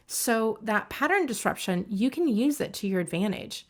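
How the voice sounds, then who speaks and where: A woman coach explains an idea in a relaxed, conversational lesson. Her pitch sits in an ordinary middle range. She stresses key words and briefly acts out inner self-talk. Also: normal speed. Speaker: creativity coach. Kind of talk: casual teaching talk.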